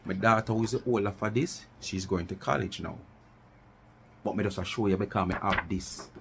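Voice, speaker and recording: Gravelly Jamaican man ranting. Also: on the low side, normal speed, a little hiss or hum. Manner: challenging, repeats rhetorical questions, mixes patois. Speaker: vlogger. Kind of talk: ranting commentary.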